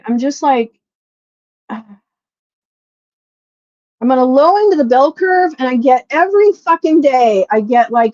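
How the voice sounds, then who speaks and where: A middle-aged woman with a slightly high voice rants on a livestream, swearing freely, then apologizing and trailing off into low mutters. The sound is dull and lo-fi, and dry, recorded close to the mic. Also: no echo. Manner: frustrated, profane, apologetic, swings between loud venting and quiet muttering. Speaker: livestream host. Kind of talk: unscripted livestream rant.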